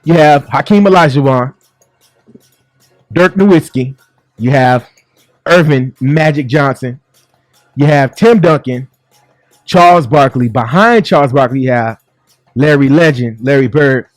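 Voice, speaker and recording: A man's voice: mid-range voice, measured pace, long pauses, no room sound. A man hosting a sports talk show, joking and chatty, in a studio. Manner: upbeat, joking, laughs often. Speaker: sports radio host.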